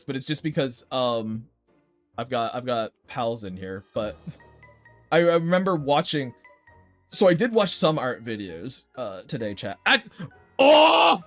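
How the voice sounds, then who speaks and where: A man's voice: medium pitch, a bit bright. A young man livestreaming while he draws, chatting straight to his viewers and ranting with plenty of swearing. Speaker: artist streaming his drawing. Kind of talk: casual livestream chat.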